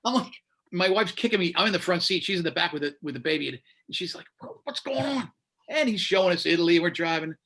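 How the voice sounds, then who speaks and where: This fast-talking American man, a radio host in Florida, has a voice on the high side. He animatedly tells a story in casual conversation, acting out the people he quotes.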